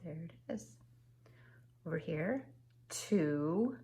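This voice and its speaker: A woman teaching kindergarten remotely from home, speaking slowly and patiently in simple words for young children. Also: on the low side, gravelly, a little mellow, roomy sound, a little hiss or hum. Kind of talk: remote class lesson.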